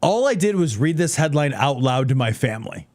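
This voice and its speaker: A man's voice: medium pitch, very animated, brisk, a little mellow. A man co-hosting a casual comedy podcast, sarcastic and swearing as he reacts to clips. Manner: sarcastic, swears, laughs often. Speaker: podcast co-host.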